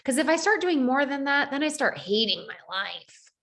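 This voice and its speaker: A woman coaching her team in a lively motivational talk, dropping in lots of "like" and "right?". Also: high voice, moderate pace. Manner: animated, acts out quoted voices, frequent "like" and "right?". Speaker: network marketing team leader.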